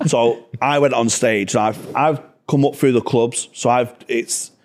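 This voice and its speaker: A young man tells stories on a casual podcast. He talks bluntly and swears freely, and his voice sits at an ordinary middle pitch. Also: slow. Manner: sweary, blunt, animated storytelling. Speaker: stand-up comedian guest.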